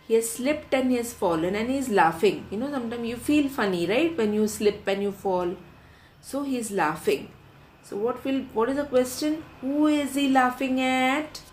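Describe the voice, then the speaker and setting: A woman teacher, taking a class of children through a lesson, repeating each question and answer slowly so they can write it down. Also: on the high side, a little mellow, a little hiss or hum. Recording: roomy echo.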